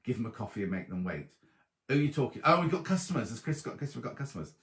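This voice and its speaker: A man's voice: medium pitch, big pitch swings, quick pace. A middle-aged man hosting a casual live stream, reading out viewers' messages and greeting them by name. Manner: chatty, reads viewer messages aloud, warm greetings. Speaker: host of a live sewing chat stream. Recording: roomy echoey live stream.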